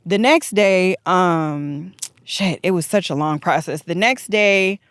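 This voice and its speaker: Lowish-voiced woman telling a story. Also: slow pace, clean tone, no echo. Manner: animated, acts out the dialogue. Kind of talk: casual storytelling on a podcast.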